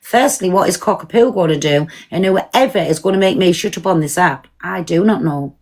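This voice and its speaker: A woman's voice: on the low side, normal speed, a little mellow. A woman hosting a live stream from home, talking casually and bluntly, swearing freely and answering her viewers. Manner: blunt, swears freely, talks back to commenters.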